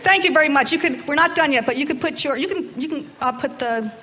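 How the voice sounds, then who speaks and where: A woman's voice: high voice, quick pace, pushed and bright, a little hiss or hum. A woman telling a story live to children in a hall, hesitant, with many fillers, drawing in the audience.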